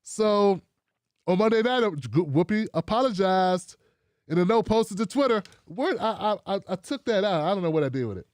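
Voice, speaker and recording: A man's voice: high voice, animated, moderate pace, dry recording, clean studio sound. A man hosting a commentary show, talking casually and mockingly and repeating himself for effect.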